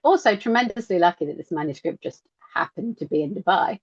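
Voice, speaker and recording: A woman co-hosting a podcast in casual chat, animated and acting out quotes in lively voices. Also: fairly low pitch, fairly quick, hardly any pauses, dry recording. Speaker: podcast co-host. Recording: dull lo-fi sound.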